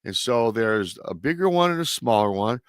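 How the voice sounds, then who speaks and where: A man's voice: mid-range voice, lively intonation, moderate pace, clean tone, no room sound. A male host telling a story in a casual, rambling way, full of restarts and stock filler phrases. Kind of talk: casual storytelling on a live show.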